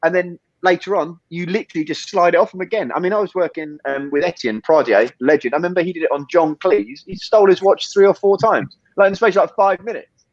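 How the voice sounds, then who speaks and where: A man, a guest on a podcast, telling stories in a quick, rambling way, full of fillers and restarts. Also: high-pitched, dry recording, lo-fi sound. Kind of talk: casual interview chat.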